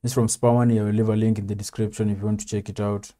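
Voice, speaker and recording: A man's voice: lowish voice, flat delivery, rapid-fire, mellow. A man hosting a reaction video, talking in a laid-back, rambling way with plenty of fillers. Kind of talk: casual reaction commentary.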